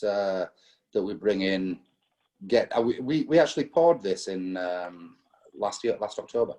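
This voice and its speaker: A man with a very low voice, talking through an interview as a spirits importer. He speaks casually, pausing on fillers and restarting his sentences as he works through long stories. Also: expressive, mellow. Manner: hesitant, many fillers and restarts, storytelling.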